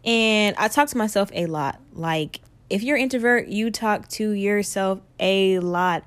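A woman in her twenties hosting her own podcast, talking in a chatty, upbeat and animated way. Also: medium pitch, a little slow. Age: 20s. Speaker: podcast host. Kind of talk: casual solo podcast chat.

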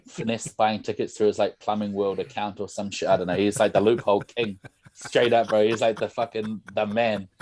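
A man's voice: fairly low pitch, little pitch movement, a little fast, darkish tone, no room sound. A young man, a podcast guest telling stories in a casual, rambling way full of "like" and "bro". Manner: rambling storyteller, lots of "like" and "bro". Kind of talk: casual chat.

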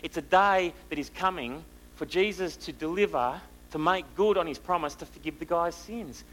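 A man preaching a sermon, asking the listeners rhetorical questions and moving between loud and hushed delivery. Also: a little high, moderate pace, a little hiss or hum, rough recording.

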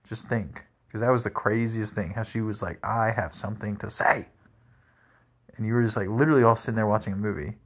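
A man's voice: on the low side, fast, few pauses. A man telling rambling everyday stories in a casual monologue, full of "like" and "crazy". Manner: rambling, animated, lots of "like" and "crazy".

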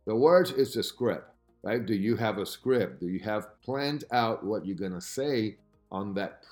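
A man giving podcast talk as a sales coach, with an emphatic, lively delivery who keeps asking "right?" as he teaches. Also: on the low side.

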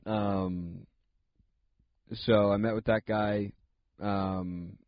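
A man's voice: lowish voice, level tone, drawn-out words, dry recording. A young man hosting a solo comedy podcast, telling a rambling story full of fillers and asides. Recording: dull lo-fi dry sound.

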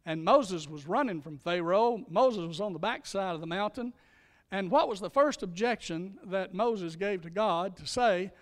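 A male pastor delivering a sermon with emphatic preaching, slowing down and speeding up to stress his points. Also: high voice, animated, in a large hall.

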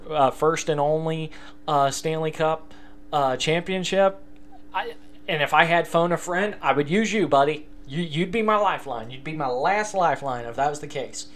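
A man's voice: on the high side, a bit bright. A young man hosting a casual solo sports podcast, rambling and self-deprecating, with many fillers and restarts. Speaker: podcast host.

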